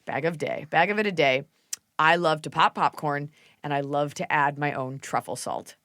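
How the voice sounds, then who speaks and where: Animated woman host telling stories. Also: sits low, normal speed, dry recording, studio quality. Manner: animated storyteller, acts out quotes, swears. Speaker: podcast host. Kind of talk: casual podcast chat.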